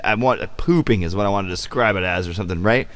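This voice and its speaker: A man vlogging casually about his bass gear, loose and profane, joking and acting out his own reactions. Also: fast, background noise. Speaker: vlogger and musician. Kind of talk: casual rambling vlog. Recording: music playing behind the voice.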